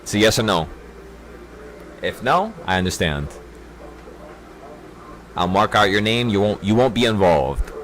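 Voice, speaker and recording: Intense, animated man giving a pep talk. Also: lowish voice, a little slow, pauses often, slight background noise. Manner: intense and preachy, with profanity and repetition. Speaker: trading group leader. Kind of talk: livestream pep talk to traders.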